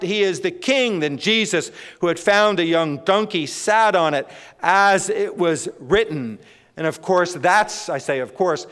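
A man's voice: high voice, fairly bright tone, clean tone. A male pastor preaching a sermon to his congregation, emphatic, repeating phrases and often restarting his sentences. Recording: long hall reverb.

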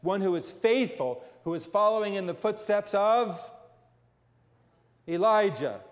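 A preacher from northern New Jersey, with a high-sitting voice and lively intonation, delivers a sermon at a measured pace. He reads scripture and adds conversational asides, with the long reverb of a large hall around him.

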